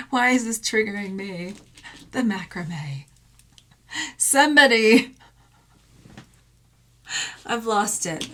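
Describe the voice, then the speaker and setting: A woman's voice: mid-range voice, slow, long pauses, sharp tone. A woman from Texas, a thrift jewelry reseller, chatting playfully through an unboxing vlog with jokey asides and silly sound effects.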